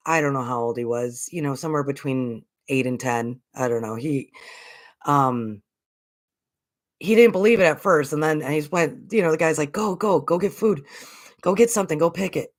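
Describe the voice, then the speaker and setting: American lady doing a spiritual vlog, earnest, keeps repeating stuff to drive it home. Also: deep voice. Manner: earnest, repeats points for emphasis. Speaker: spiritual channel host. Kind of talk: casual spiritual vlog talk.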